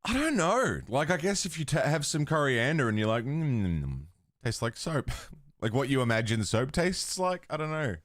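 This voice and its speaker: Chatty, lively-voiced man streamer. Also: fairly high pitch, moderate pace, no room sound, studio quality. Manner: chatty, swears casually, laughs often. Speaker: livestream host. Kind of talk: casual chat with stream chat.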